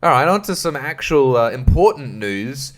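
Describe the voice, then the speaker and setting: A man's voice: mid-range voice, very animated, moderate pace, soft background music. A man hosting a solo podcast, ranting in a profane, irreverent way and laughing mid-sentence. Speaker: podcast host. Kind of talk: casual solo podcast rant.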